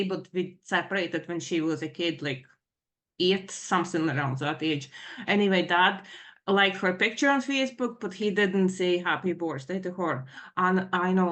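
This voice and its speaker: A middle-aged woman giving a personal account in a Q&A session, talking in a halting, rambling way full of fillers and nervous emotion. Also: fairly low pitch, fairly bright tone. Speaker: participant in a Q&A session.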